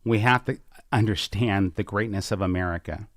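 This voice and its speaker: A man hosting a podcast, talking about politics in a fervent way and building up to slow, emphatic declarations from a small studio. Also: lowish voice, dry recording. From Washington State. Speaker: podcast host. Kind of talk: impassioned political talk.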